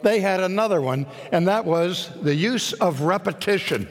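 A man preaching a sermon, deliberate and emphatic, rising to shouts on key words. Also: high voice, lively intonation. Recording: long reverb of a large hall.

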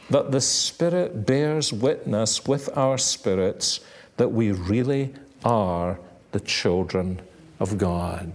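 A man preaching a sermon in a measured, earnest way, now and then rising to sudden emphatic stress. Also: mid-range voice.

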